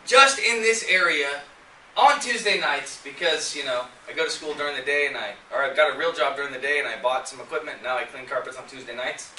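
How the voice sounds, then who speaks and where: A man's voice: fairly high pitch, brisk, pushed and bright, slight background noise. A man presenting a sales seminar who gets fired up and keeps quizzing his live audience. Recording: echoey room, mic at a distance.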